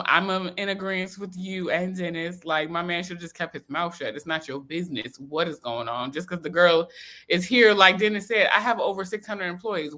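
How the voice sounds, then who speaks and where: Bright-voiced gossipy podcast co-host. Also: mid-range voice. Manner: gossipy, emphatic, laughs often. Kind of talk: casual reality TV recap chat.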